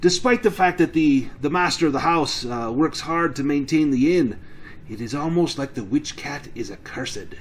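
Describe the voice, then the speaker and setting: A man's voice: on the high side, lively intonation, normal speed, slight background noise, lightly acted. A man voicing a friendly old village priest with an Irish accent, rambling and eager.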